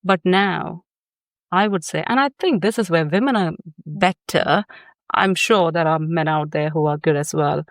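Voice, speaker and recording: A woman's voice: fairly low pitch, unhurried, no echo, studio quality. Laughing woman telling a personal story. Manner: warm storytelling, often laughing. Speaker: guest psychotherapist. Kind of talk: candid podcast conversation.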